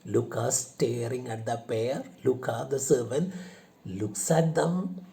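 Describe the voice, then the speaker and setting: A male teacher reading a play aloud to a class, explaining it and acting out the lines. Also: vocal fry. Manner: slow, acts out lines with rising pitch and loudness.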